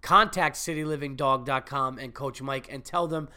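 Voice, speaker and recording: A man's voice: mid-range voice, normal speed, bright, forceful tone, clear, resonant tone. A man with a cold hosting his own podcast, talking in a rambling, profane, chatty way. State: sick with a cold. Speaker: podcast host and comedian. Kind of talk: casual solo podcast monologue.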